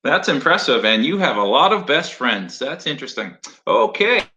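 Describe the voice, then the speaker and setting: Upbeat man with a bright voice. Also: mid-range voice, big pitch swings, normal speed, muffled recording. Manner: jokey, upbeat, loose with fillers. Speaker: awards co-host. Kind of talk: casual virtual award show. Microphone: video call.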